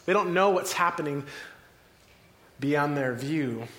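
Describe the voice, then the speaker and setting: A male preacher retelling a scripture story vividly, like a film scene, with dramatic pauses. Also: fairly high pitch, expressive, fairly bright tone.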